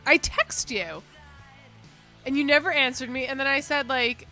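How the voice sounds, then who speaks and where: A woman's voice: high voice, normal speed, pushed and bright, soft background music. A woman co-hosting a casual chat podcast from a comic book shop, blunt and teasing, swearing casually. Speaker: podcast co-host.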